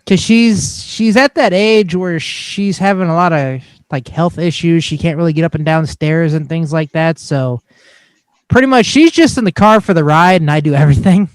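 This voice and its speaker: High-voiced joking podcast guy. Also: moderate pace, smooth, no echo. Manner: joking, laughs often. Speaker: podcast co-host. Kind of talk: casual chat.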